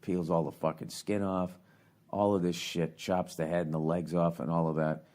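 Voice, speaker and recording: A man hosting a podcast, telling a profane, rambling comic story that swears constantly and climbs higher when he gets worked up. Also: level tone, moderate pace, darkish tone. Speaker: podcast host.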